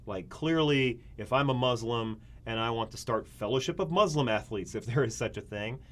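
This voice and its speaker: A man's voice: medium pitch, normal speed, fairly bright tone. A man teaching a college government class, talking casually, asking his students rhetorical questions and acting out little scenes. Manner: conversational, asks rhetorical questions, acts out scenarios. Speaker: community college government instructor. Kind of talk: recorded classroom lecture.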